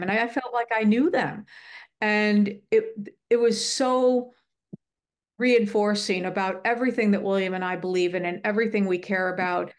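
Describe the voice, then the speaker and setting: A middle-aged woman speaking in casual conversation, telling a heartfelt story earnestly and animatedly, often restarting her sentences. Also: mid-range voice. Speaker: guest speaker on the afterlife. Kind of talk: casual chat.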